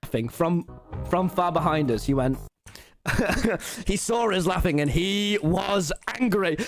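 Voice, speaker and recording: A teenage boy telling an animated, rambling story to an audience, swearing freely and restarting his sentences. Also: sits high, slow pace, soft background music. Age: teens. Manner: excitable, rambling, swears a lot, frequent restarts. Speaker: streamer.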